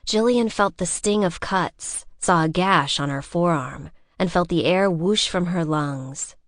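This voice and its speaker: A woman narrating a suspense audiobook in a measured, scripted style. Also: no room sound, clean studio sound. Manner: measured, voices characters with shifts in pitch.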